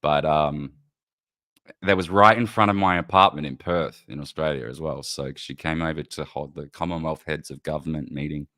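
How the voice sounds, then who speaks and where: A man hosts a casual live-stream podcast. His voice sits very low, and he talks in loose, rambling turns. He laughs and swears freely as he goes. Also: fairly even intonation, moderate pace, pushed and bright, no room sound. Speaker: podcast host.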